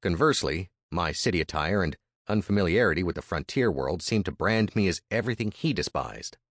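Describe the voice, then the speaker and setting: A man narrating a frontier story in the first person, measured and expressive. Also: deep voice, dry recording, clean studio sound.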